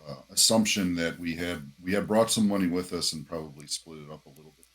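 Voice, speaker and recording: A man's voice: low-pitched, quick pace, a bit bright. A man playing a tabletop role-playing game, talking tentatively and correcting himself. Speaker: player.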